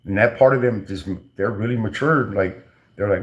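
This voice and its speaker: A man's voice: fairly low pitch, moderate pace, dull audio. A man, telling stories in a slangy, rambling way, full of restarts and fillers. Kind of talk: casual storytelling.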